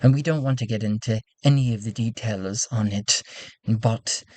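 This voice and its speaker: A man's voice: medium pitch, darkish tone, breathy edge, dry recording. A man voicing a worried female councilwoman who earnestly pleads for help, in a solo role-play game.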